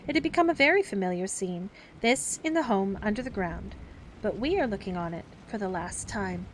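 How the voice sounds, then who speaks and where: A woman's voice: expressive, brisk, a little hiss or hum. Woman reading a children's classic aloud. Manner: acts the characters with raised pitch for the children's outbursts. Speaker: storyteller. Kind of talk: bedtime story reading.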